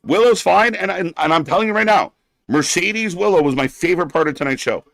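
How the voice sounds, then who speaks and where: Man, fairly high voice, dry close mic; blunt, sarcastic wrestling stream host, swears a lot, heated rants. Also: fairly quick, gravelly, a bit bright, no echo. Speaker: live-stream wrestling commentator. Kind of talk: profane ranting watch-along commentary.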